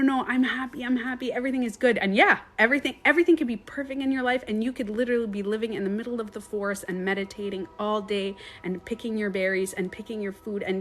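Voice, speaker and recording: A woman who works as a meditation coach, rambling in a casual live-stream monologue with lots of swearing. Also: mid-range voice.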